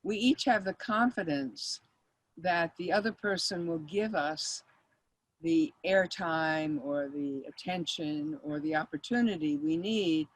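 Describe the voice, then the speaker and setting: An older woman with a fairly low voice talks through a conversational interview as a mediator guest. She tells personal stories in a reflective way and laughs often. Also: unhurried, low-quality recording.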